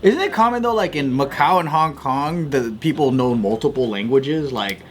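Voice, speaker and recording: A man guest in casual chat, explaining with hesitant pauses. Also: fairly high pitch, animated, a little hiss or hum.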